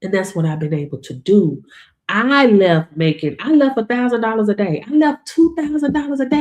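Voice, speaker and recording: A woman's voice: a little high, animated, normal speed, darkish tone. A woman coach giving a motivational talk, emphatic and colloquial with punchy catchphrases. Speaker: online income coach.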